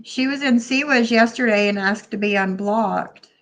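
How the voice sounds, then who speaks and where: A woman hosting a live stream, her voice pitched a little on the high side. She chats loosely with her viewers, thanking them by name and reacting to what they write in the chat. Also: moderate pace, a bit bright. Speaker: livestream host.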